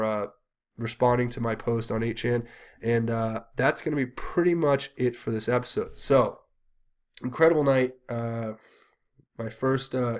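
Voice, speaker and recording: A congested man with a cold hosts his own channel in an earnest, rambling monologue. He pleads with viewers, stumbles over many fillers, and keeps a middle-pitched voice. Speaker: channel host. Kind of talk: casual solo commentary.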